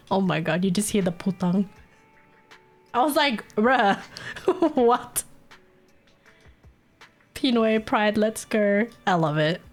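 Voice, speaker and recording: A woman's voice: medium pitch, very animated, slow pace, pauses often, faint music behind. An Australian woman chatting casually on a live stream, giggling constantly and swearing freely. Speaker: livestreamer.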